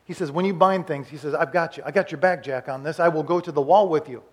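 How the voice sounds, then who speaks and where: A male pastor delivering a sermon in a voice pitched a bit above average. He pushes hard and loud on his points, then drops to a quiet, confiding tone, often restarting words as he goes. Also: quick pace. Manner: swings between loud urging and quiet confiding, with frequent restarts.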